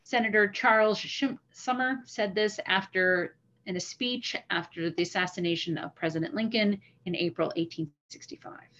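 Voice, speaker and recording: Woman, history presenter, mid pitch, earnest storyteller; slightly dull video-call sound. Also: moderate pace, fairly bright tone. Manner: earnest storyteller, reads the speech with feeling. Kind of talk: online history lecture. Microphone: computer mic on a video call.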